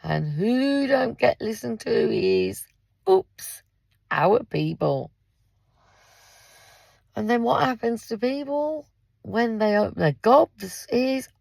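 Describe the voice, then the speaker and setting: A woman in her fifties with a heavily gravelly, husky voice rants bluntly and swears freely. She talks slowly, her pitch swinging widely between low and high. She sounds close and dry, with no room echo. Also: big pitch swings, darkish tone. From England. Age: 50s. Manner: blunt, swears freely, addresses listeners directly. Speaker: parent and carer. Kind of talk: angry vlog rant. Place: in a car in a car park.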